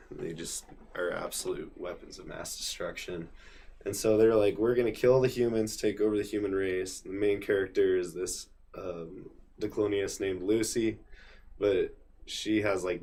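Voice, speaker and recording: A man's voice: deep voice, creaky, darkish tone, slightly rough. A man co-hosting an anime podcast, talking casually and laid-back, swearing and laughing often. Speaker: podcast co-host. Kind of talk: casual chat.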